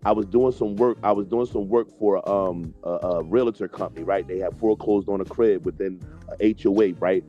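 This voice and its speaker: A man's voice: sits low, a little fast. A man telling a heated, profane story on a debate stream, acting out the dialogue. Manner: profane, animated, acts out dialogue. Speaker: debate show panelist. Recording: dull lo-fi audio with faint music.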